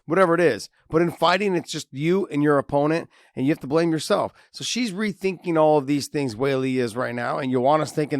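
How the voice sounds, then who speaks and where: A man's voice: a little high, a little fast, hardly any pauses, no echo, clean studio sound. A man co-hosting a sports podcast over a video call, teasing his co-host and rambling through analysis. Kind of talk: casual sports chat.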